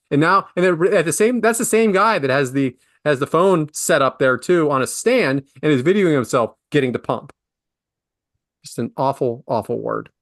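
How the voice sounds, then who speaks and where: A man hosts a comedy podcast, griping with theatrical exasperation. His pitch leaps up and down as he complains. The sound is close and dry, with no room echo. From half Italian, Philadelphia area. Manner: animated, exasperated complaining with big pitch swings. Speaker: podcast host.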